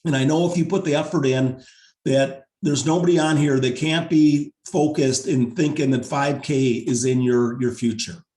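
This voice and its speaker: Brief: man, team leader pitching on a video call, upbeat and salesy, voice wearing thin, a bit high, echoey room. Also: steady tone, moderate pace, dark tone. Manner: upbeat, salesy, repeats numbers for emphasis. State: losing his voice. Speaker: team leader presenting a pay plan.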